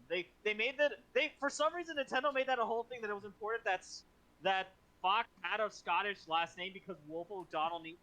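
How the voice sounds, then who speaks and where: A man co-hosting a stream, rambling excitedly and swearing as he pitches ideas. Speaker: co-host. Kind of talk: casual streaming banter.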